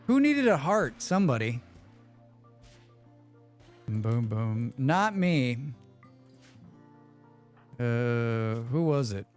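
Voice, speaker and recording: A man hosting a live game stream, chatting quickly with viewers and thinking aloud as he plays. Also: medium pitch, big pitch swings, soft background music. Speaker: livestream game host. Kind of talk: casual live gameplay commentary.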